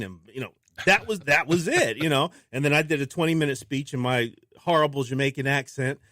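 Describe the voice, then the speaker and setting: A man, a filmmaker guest on a radio show, talking in a casual, animated way and acting out what people said to him. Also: medium pitch, fast talker, hardly any pauses, dry recording, studio quality. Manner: animated storyteller who acts out quotes. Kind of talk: casual interview talk. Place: radio studio.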